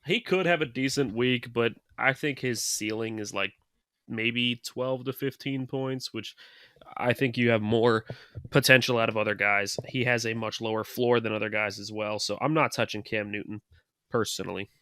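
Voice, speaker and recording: A man's voice: mid-range voice, fairly even intonation, normal speed, a bit bright, no room sound, studio quality. A man co-hosting a podcast, playful and confident as he trades fantasy football hot takes. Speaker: podcast co-host. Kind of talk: casual fantasy football chat.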